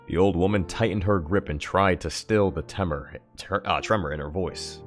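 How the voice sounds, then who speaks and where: A man's voice: sits low, moderate pace, hardly any pauses, soft background music. A man reading a novel aloud on a live stream, stumbling and correcting himself now and then. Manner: occasional stumbles and self-corrections. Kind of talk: dramatic book reading on stream.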